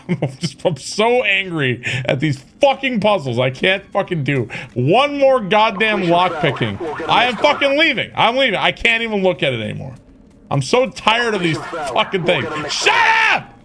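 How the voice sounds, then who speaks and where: A man's voice: sits high, big pitch swings, normal speed, noisy background. A man streaming a video game, ranting with exasperation and frequent swearing. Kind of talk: casual gameplay commentary.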